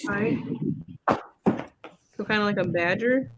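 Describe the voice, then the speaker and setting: A woman's voice: mid-range voice, slow. Woman asking curious playful questions on a casual stream, bit of noise behind. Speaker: co-host. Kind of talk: casual livestream chat.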